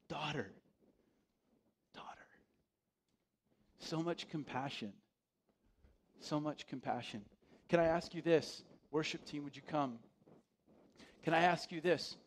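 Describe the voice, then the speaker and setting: A male pastor giving a sermon in a conversational, storytelling way, dropping his voice to a hush for quoted words. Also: fairly high pitch, a little hiss or hum.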